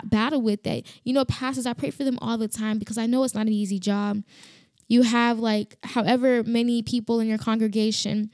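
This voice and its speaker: A woman's voice: fairly high pitch, a little mellow, no echo, clean studio sound. A woman hosting a faith podcast, giving a fervent, emphatic devotional talk with frequent restarts.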